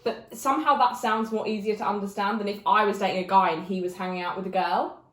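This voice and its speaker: A young woman, a guest talking casually and thinking out loud. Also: mid-range voice, fairly even intonation, quick pace. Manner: chatty, thinks aloud with restarts. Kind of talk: casual chat. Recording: roomy echo.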